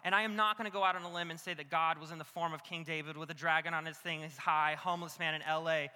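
A young male pastor gives his sermon in a large room, and his voice trails off into a long reverb. He sounds very bright and sits high in pitch. He talks loosely and animatedly, mocks himself, and fills his stories with casual fillers. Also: fast talker, clean tone. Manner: animated, self-mocking, many "like" fillers. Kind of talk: sermon with comic storytelling.

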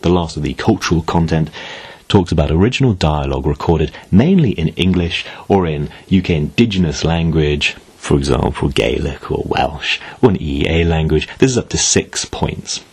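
A man's voice: extremely low pitch, moderate pace, darkish tone, slightly rough. A man giving an explanatory talk, walking through points step by step with asides.

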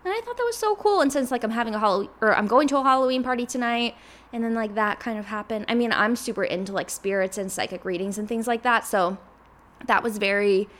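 A woman's voice: fairly high pitch, quick pace, a bit bright. A woman in her twenties hosting a podcast, chatting casually and rambling with lots of filler words. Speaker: podcast host.

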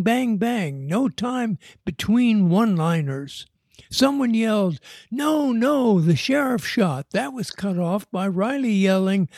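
A man reading a story aloud in an unhurried, measured way. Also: high-pitched, creaky, a little mellow, husky, no room sound, clean studio sound. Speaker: narrator.

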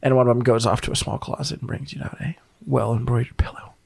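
A man's voice: medium pitch, flat delivery, fast, vocal fry, darkish tone, husky, no echo. Casual young man running a tabletop game. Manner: casual, rambling, many fillers. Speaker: game master.

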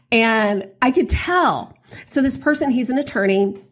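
A woman hosting a podcast, telling a story in a chatty, animated way with lots of fillers. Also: medium pitch, moderate pace, breathy edge. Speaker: podcast host. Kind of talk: casual storytelling monologue.

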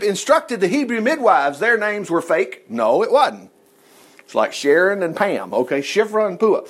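A man's voice: high voice, very animated, normal speed, a bit bright. A man teaching the Bible in a casual, folksy, rambling way with joking asides.

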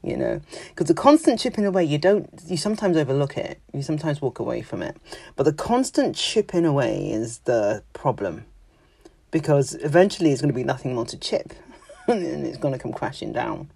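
A therapist talks through a podcast monologue in a gravelly voice, plain and direct, leaning on key words. The recording is dry and close, with no room sound. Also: medium pitch, sing-song, brisk, a little mellow, no room sound. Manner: direct, explaining with emphasis, some laughs.

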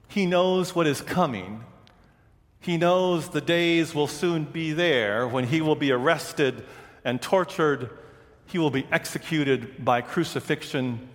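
In a big-room sound, a mid-range male voice delivers a sermon. This pastor is a storyteller, giving voice to each person he quotes.

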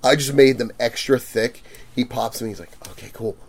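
A man telling stories in a casual chat, animated, laughing and acting out quotes loudly. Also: medium pitch, moderate pace, gravelly. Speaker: guest vendor.

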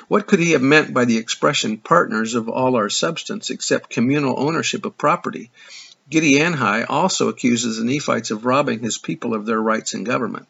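A man teaching from scripture reads the verses aloud and breaks off for dry comments, stumbling now and then. His voice is gravelly and a little husky. The recording is muffled and lo-fi. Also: mid-range voice, a bit bright. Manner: dry asides, occasional stumbles. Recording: dull lo-fi recording.

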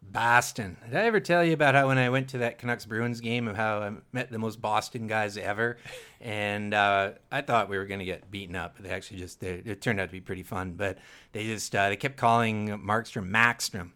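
A man co-hosting a casual sports podcast, relaxed, asking his co-hosts questions. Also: on the low side, brisk, smooth. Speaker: podcast co-host.

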